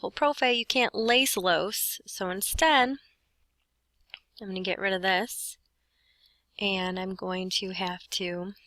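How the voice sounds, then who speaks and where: Woman Spanish teacher, step-by-step explainer, bright tone, dry recording. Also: mid-range voice, dry recording, low-quality recording. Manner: explains step by step, talks to herself while writing. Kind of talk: lesson walkthrough.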